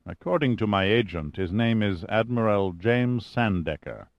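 Man playing a smooth purring schemer, low and soft, calm and calculating, dry dull recording. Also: moderate pace, no echo. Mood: smug. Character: suave, calculating older male schemer.

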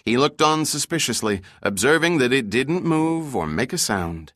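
A man giving measured, scripted audiobook narration of an adventure novel. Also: medium pitch, no room sound, studio quality. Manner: even, measured storytelling.

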